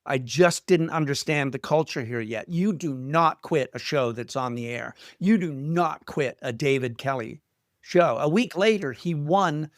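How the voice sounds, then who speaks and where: A middle-aged man from Canada telling stories as an interview guest, self-deprecating and lively when quoting others. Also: fairly high pitch, measured pace, no room sound, clean studio sound. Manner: self-deprecating, animated retelling of quotes. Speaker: guest screenwriter. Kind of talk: casual interview storytelling.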